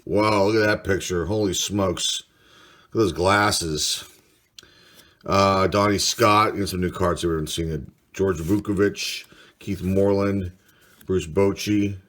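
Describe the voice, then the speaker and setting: A man's voice: deep voice, steady tone, fairly bright tone. A man hosting a casual card-opening video, reading off player names one by one with mild enthusiasm. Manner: unhurried, reads names aloud, mild enthusiasm. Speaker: card collector host. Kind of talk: casual card-break commentary.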